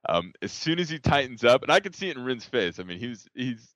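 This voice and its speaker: A man co-hosting a podcast, telling a story in a laughing, animated way. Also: mid-range voice, fast talker, dry recording. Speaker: podcast co-host. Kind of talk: casual storytelling chat. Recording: dull, dry lo-fi audio.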